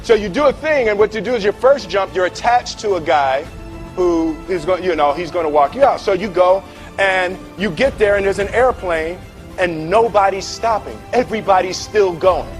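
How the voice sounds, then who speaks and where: A man giving a humorous motivational talk, telling a story with animated delivery, acting out voices, often laughing and checking in with "right?". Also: sits high, moderate pace, soft background music. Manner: repeats words and tags lines with "right?". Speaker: speaker.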